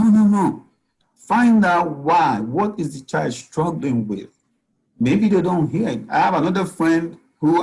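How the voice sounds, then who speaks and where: A man's voice: fairly high pitch, creaky, darkish tone, low-quality recording. A man, a physician speaking as guest at a parenting talk, giving earnest advice and often saying "you know.". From Nigeria.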